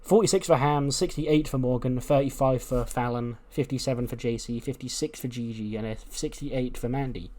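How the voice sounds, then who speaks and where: A man's voice: mid-range voice, moderate pace, hardly any pauses, darkish tone. Chatty man narrating a wrestling sim. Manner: chatty, laughs at himself, swears casually. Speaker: YouTuber playing a wrestling booking sim. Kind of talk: casual commentary.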